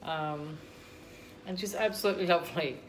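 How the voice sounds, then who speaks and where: A woman's voice: on the low side, normal speed, slight background noise. A woman with an Australian accent chatting casually to camera as a vlogger at home, rambling with lots of ums.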